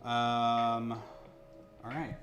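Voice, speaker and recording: A man's voice: mid-range voice, completely flat delivery, drawn-out words. A man hosting a casual live stream at his home building table, thinking aloud with jokey asides, close to a desktop microphone. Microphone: desktop USB microphone close to the speaker. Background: ambient music from a laptop.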